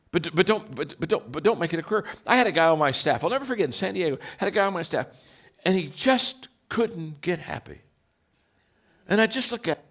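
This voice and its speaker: Animated older man giving a motivational talk. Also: a little high, fast. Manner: animated storytelling, acts out voices, laughs. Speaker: leadership speaker.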